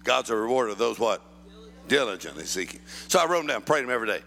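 A middle-aged man preaching a sermon, shouting and sing-song, mixing laughter and a told joke into his delivery. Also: medium pitch, very animated, quick pace, vocal fry, slight background noise.

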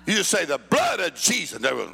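A middle-aged man preaching a sermon, shouting and sing-song, mixing laughter and a told joke into his delivery. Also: a little high, big pitch swings, brisk, creaky.

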